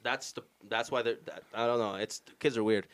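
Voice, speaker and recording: A man's voice: medium pitch, steady tone, a little fast, fairly bright tone. A man co-hosting a casual stream, laid-back and joking with his friends. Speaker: stream co-host.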